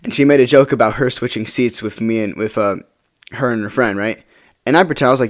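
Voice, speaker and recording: A man's voice: mid-range voice, fast. A young man telling a personal story in a casual vlog, rambling and checking in with the listener with "right?". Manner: rambling, many fillers like "right?".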